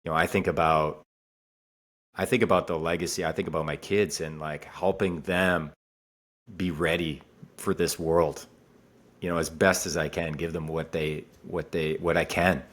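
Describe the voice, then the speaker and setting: A man's voice: very deep voice, steady tone, moderate pace, fairly bright tone. A man co-hosting a podcast and talking about being a father, earnest and repeating phrases for emphasis. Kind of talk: casual podcast chat.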